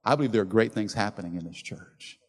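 A man preaching a sermon as pastor, passionate, swinging between loud emphasis and soft, quiet lines. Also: fairly low pitch, fast. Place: large church hall. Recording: reverberant church hall.

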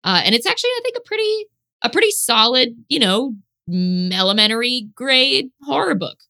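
Bright-voiced chatty woman. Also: on the high side, moderate pace. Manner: chatty, excitable, casual swearing. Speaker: podcast guest. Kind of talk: casual chat.

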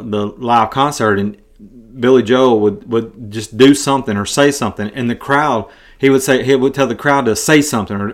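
Man, Bible study podcast host, mid pitch, conversational and earnest, frequent self-corrections. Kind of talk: casual Bible study teaching.

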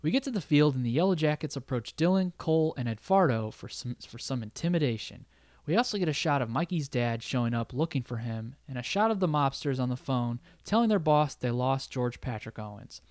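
A man's voice: mid-range voice, expressive, a little mellow, dry recording. A man in casual podcast chat, walking through a movie's plot and laughing often. His voice sits mid-range and sounds close and dry, with no room around it. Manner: recaps the plot, laughs often, quotes lines in quick bits. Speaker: podcast co-host recapping a film.

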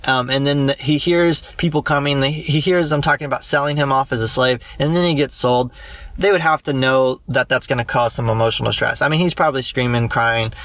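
A young man, a law student, working through a practice legal analysis out loud, with many ums and restarts. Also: medium pitch, steady tone, brisk, dry recording, distant mic.

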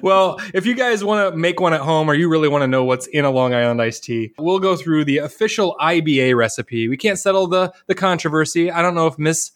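A man with a Northwest Ohio accent co-hosting a casual podcast chat, relaxed and joking, reading quotes aloud. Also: on the high side, a little fast, few pauses. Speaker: podcast co-host.

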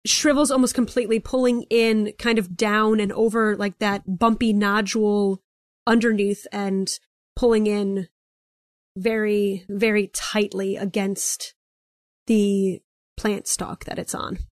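A woman's voice: mid-range voice, little pitch movement, a little slow, dry recording. Dry-voiced woman running a tabletop game. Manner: descriptive, hedging with "like" and "kind of". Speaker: game master.

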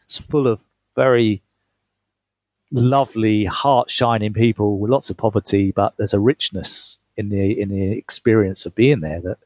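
Brief: low, husky male guest, dry close sound, chatty anecdotes. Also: darkish tone, no echo. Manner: chatty, laughs often, restarts mid-phrase. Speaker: guest, author. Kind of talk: storytelling interview.

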